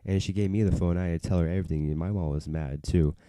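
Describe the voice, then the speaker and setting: A young man rambles through a personal story in a very low, deep voice with a dark, mellow tone. His speech is smooth and resonant, loose and filler-heavy, broken up by laughs. The sound is close and dry. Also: steady tone, fast, dry recording. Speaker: vlogger. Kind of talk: casual storytelling.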